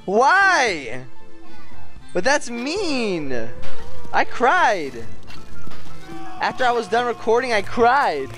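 A man's voice: very high-pitched, huge pitch swings, drawn-out words, pauses often, sharp tone, soft background music. A man hosting a casual gameplay video with his young son, talking in a playful, goofy, teasing way.

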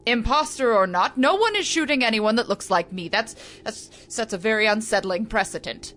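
A woman's voice: on the high side, lively intonation, normal speed, fairly bright tone. A woman in comedic improv role-play with a dry, mock-suspicious manner.

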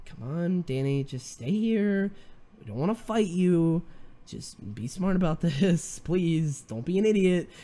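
A man's voice: fairly high pitch, lively intonation, normal speed, darkish tone, voice pushed down. A man doing fed-up heroes talking someone down. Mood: exasperated. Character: weary group of adult heroes scolding a reckless friend.

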